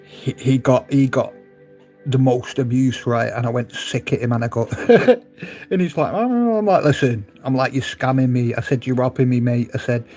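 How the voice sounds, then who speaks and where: A man talks loosely into his phone on a live stream, laughing often and speaking straight to people in the chat. His pitch sits in an ordinary middle range. Soft music plays faintly behind him. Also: normal speed.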